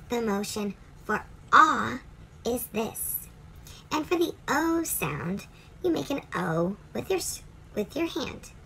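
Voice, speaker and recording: A woman teaching a children's phonics lesson, cheerful, drawing out each letter sound slowly for young learners. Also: fairly high pitch, gravelly, a bit bright, slight background noise. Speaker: reading teacher.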